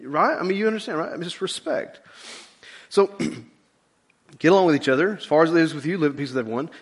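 A middle-aged man preaching a sermon as a pastor, in a relaxed conversational way with lively asides. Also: fairly high pitch, fast, slightly rough.

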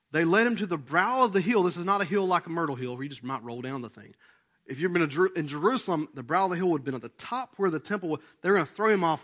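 Animated, lively-pitched preacher man. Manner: animated, folksy preaching with rhetorical questions to the congregation. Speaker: pastor. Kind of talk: sermon.

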